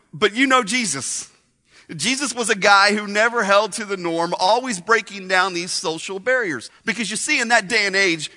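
Lively male preacher, high bright voice, storytelling sermon style. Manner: animated storytelling with asides to the congregation. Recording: long hall reverb.

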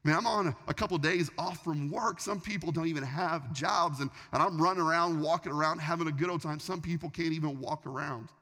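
A man preaching a sermon, telling a story in an animated way, often restarting his sentences. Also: fairly high pitch, fairly quick, few pauses. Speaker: pastor. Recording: long reverb of a large hall.

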